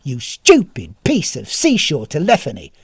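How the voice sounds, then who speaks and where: Brief: narrator voicing a blunt, grumpy heroine in a storybook, lively and slightly husky. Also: mid-range voice, normal speed, no echo, clean studio sound, exaggerated voice. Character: grumpy, impatient woman kidnapper.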